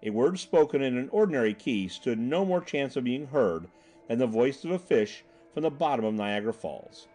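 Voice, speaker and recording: A man reading a classic short story aloud, narrating in a lively way and changing his pitch for the characters. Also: brisk, faint music behind.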